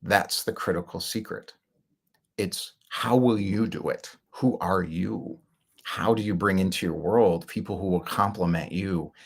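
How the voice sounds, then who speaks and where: A man's voice: sits low, steady tone, unhurried, creaky, husky. A middle-aged man telling his own business story in a rambling, candid monologue, with fillers and short laughs. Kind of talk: casual monologue.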